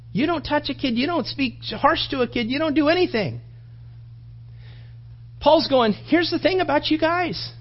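A man preaching a sermon, telling animated stories with asides to the congregation. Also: extremely high pitch, husky, lo-fi sound.

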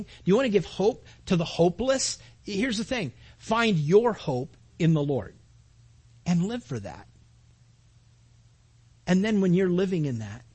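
A man delivers a sermon in a somewhat high, husky voice. He speaks earnestly, repeats key phrases, and swells to forceful, emphatic climaxes before dropping back to a gentler tone. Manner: earnest preaching, repeats phrases and rises to loud emphatic peaks. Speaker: pastor.

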